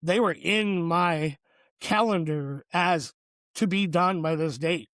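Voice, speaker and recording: A man with a somewhat high-pitched voice tells a personal story on a podcast. He sounds earnest and reflective and leans on lots of fillers. The recording is close and dry. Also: slow, a bit bright, dry recording. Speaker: podcast co-host.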